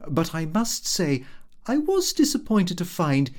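A man's voice: sits high, big pitch swings, a little slow, a little mellow. A man reading a comic first-person diary aloud as an audiobook narrator, telling it expressively.

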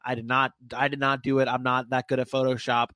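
A man hosting a casual sports podcast, animated and joking as he leads the talk. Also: medium pitch, fast, no echo. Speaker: podcast host.

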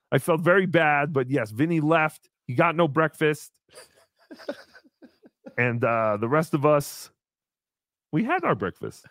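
High, lively man telling a story. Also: unhurried, long pauses, dry recording, studio quality. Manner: animated, swearing, exasperated storytelling. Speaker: podcast host. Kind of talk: casual storytelling on a live stream.

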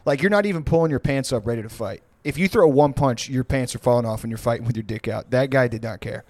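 A man's voice: medium pitch, fast talker, a little mellow, dry recording. A man telling a story on a podcast, rambling and profane with many fillers. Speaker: podcast co-host. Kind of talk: casual storytelling.

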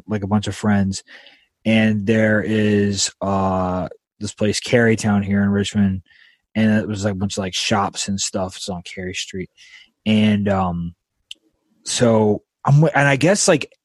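A man's voice: lowish voice, dry recording, studio quality. A young man hosting a podcast, telling a story in a rambling, casual way with lots of fillers and restarts, recorded at a friend's house. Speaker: podcast host.

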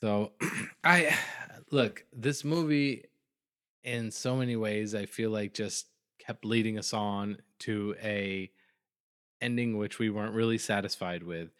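A man co-hosting a casual podcast chat about a film, relaxed and a bit hesitant. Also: fairly low pitch, slow pace, clean tone. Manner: laid-back, hesitant, laughs along. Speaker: podcast co-host reviewing a film.

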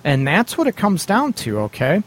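A man's voice: a little high, wildly swooping pitch, normal speed. Blunt, laughing male radio advice host. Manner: blunt, swears casually, laughs often, acts out quoted lines. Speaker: radio show host giving relationship advice. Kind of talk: casual radio talk.

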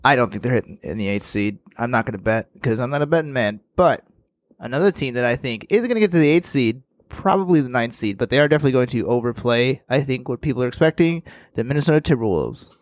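A man with an average-pitched voice hosts a casual sports podcast. He is easygoing and keeps the talk moving. The sound is dry and close to the mic. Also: animated, fast talker, no room sound.

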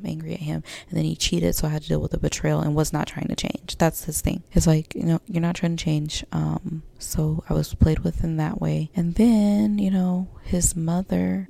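A woman with a deep, gravelly voice talks through a personal podcast monologue. She rambles candidly, circling back with fillers and restarts. Her tone is dark and mellow. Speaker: podcast host.

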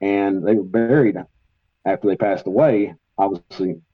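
A man telling travel stories as a guest paranormal investigator, rambling and animated, with many fillers. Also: low voice, moderate pace, slightly rough, dry recording, narrow, tinny audio. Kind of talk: casual storytelling in a podcast interview.

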